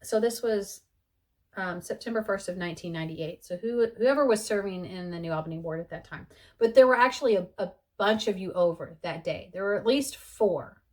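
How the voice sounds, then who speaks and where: A woman's voice: medium pitch, brisk. A woman in her forties, talking in a heartfelt personal vlog, chatty and earnest, with many fillers. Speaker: vlogger sharing her conversion story.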